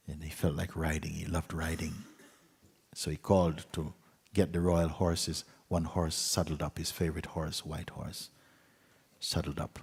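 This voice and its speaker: A man, a spiritual teacher, telling a story gently at a retreat, with soft, trailing endings. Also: extremely low pitch, flat delivery, a little slow, gravelly, husky, long reverb tail. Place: retreat hall.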